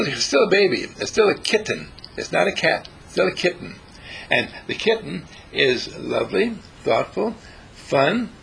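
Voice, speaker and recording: A man with a husky voice giving a spiritual talk, playful and questioning, asking his listeners things. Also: a bit bright, a little hiss or hum, rough recording. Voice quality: husky and gravelly. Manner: playful, questioning, with big swoops in pitch.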